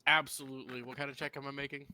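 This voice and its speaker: A man's voice: medium pitch, level tone, very fast, sharp tone, dry recording. A man playing a tabletop game, declaring his character's actions step by step and asking about the rules. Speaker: player. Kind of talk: casual tabletop game play.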